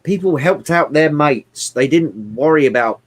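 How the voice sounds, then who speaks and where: A man chatting casually about films, animated and swearing often, with bursts of mimicry. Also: a little high, unhurried. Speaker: podcast co-host. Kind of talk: casual movie chat.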